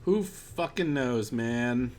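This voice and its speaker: A man's voice: mid-range voice, expressive, slow pace, darkish tone, a little hiss or hum. A man streaming while drinking, telling a rambling, profane anecdote in a casual way. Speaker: art streamer. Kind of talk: casual storytelling on a livestream.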